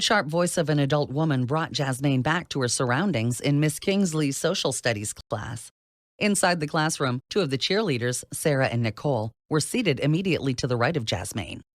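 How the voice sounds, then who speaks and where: An audiobook narrator reads a novel with a lively, swinging pitch. The voice sits close to the mic in a dry, dead room, with no echo at all. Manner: expressive reading with lively pitch. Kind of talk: scripted narration.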